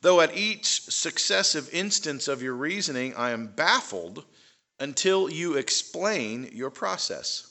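A man reading the lines of a puzzled male doctor, the detective's plain-spoken friend, in an earnest, measured way. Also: fairly high pitch, animated, bright, forceful tone, full character voice.

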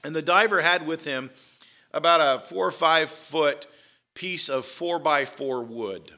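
A man's voice: on the high side, measured pace, bright, forceful tone. A man giving a conversational talk to a live audience, with fillers and rising emphasis on key points. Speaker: speaker.

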